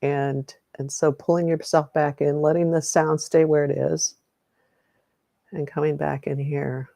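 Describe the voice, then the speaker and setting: A middle-aged woman leads a guided meditation on a live stream, her voice low and gravelly. She rambles and restarts her sentences, greeting viewers by name along the way. The sound is dry and close, with no room around it. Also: flat delivery, unhurried, mellow, no room sound. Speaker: energy healing meditation host.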